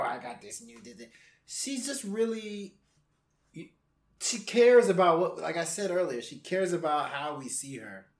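A man's voice: a little high, reverberant. A man co-hosting a music podcast in casual chat, building his points reflectively with frequent "you know". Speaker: podcast co-host.

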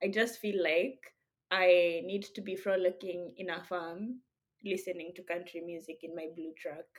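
A Kenyan woman co-hosts a podcast, chatting casually with friends in a playful way and laughing often. Her voice is on the low side, with a steady tone and normal speed.

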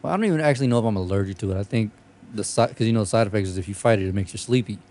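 A man's voice: lowish voice, racing, darkish tone. A man co-hosting a casual chat, joking, swearing and laughing often.

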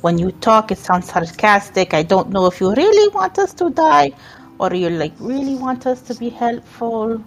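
A woman's voice: a little high, very animated, moderate pace. A woman playing her character in a tabletop game, blunt and wry as she bargains. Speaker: player.

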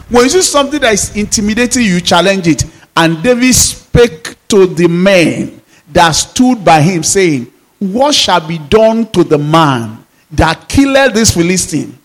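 A man's voice: high voice, sing-song, normal speed, a bit bright, low-quality recording. A man preaching a sermon as pastor, emphatic and full of repeated rhetorical questions.

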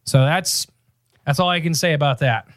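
A man's voice: a little high, normal speed, fairly bright tone, no room sound, studio quality. A man co-hosting a podcast, rambling and joking in casual banter. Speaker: podcast co-host.

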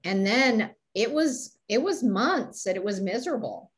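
A woman's voice: medium pitch, expressive, measured pace, breathy edge. A woman co-hosting a motivational talk show, telling stories and laughing often. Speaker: podcast co-host.

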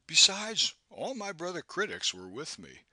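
A man's voice: a little high, wildly swooping pitch, a little slow, pushed and bright, breathy edge, no echo, voice pushed up, heavily acted. A man reading an audiobook, voicing a proud, bookish literary critic who speaks in a formal, academic manner.

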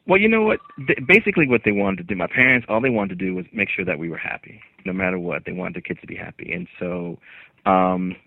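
A man from Massachusetts calls in to a radio show, easygoing and quick to joke. His very deep voice has a gravelly edge, and the line sounds muffled and lo-fi, like a phone. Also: animated, dry recording. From Springfield, Massachusetts. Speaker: comedian guest calling in. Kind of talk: phone-in interview.

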